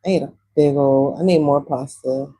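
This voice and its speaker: A woman's voice: low voice, moderate pace, warm tone, slightly rough, dry recording, low-quality recording. A woman from Texas with a Texan accent, chatting casually with viewers on a livestream and laughing often. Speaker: livestream host. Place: Puerto Rico.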